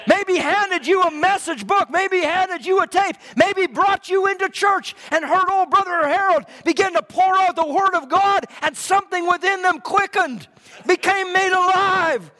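A man preaching a fervent sermon in a church, repeating his lines and swinging from loud to hushed. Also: extremely high pitch, a little slow. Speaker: pastor. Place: church hall. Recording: long hall reverb.

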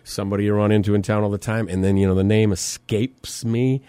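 A man's voice: lowish voice, little pitch movement, a little fast, warm tone, smooth, dry recording. A man co-hosting a morning radio show, chatting casually and jokingly with his co-host. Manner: jokey, laughs often, tries silly accents. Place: radio studio.

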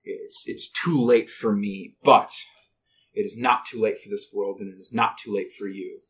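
A man playing a dying old wizard, hushed and slow. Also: lowish voice, steady tone, close to an everyday voice. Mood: solemn. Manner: slow, hushed, halting farewell speech. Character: dying old male wizard, grateful and solemn. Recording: distant mic, faint background noise.

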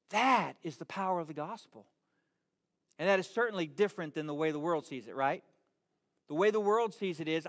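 A man's voice: fairly high pitch, expressive, a little fast, long reverb tail. A man, a pastor, preaching a sermon in an earnest, emphatic way, often repeating words as he restarts. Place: church hall.

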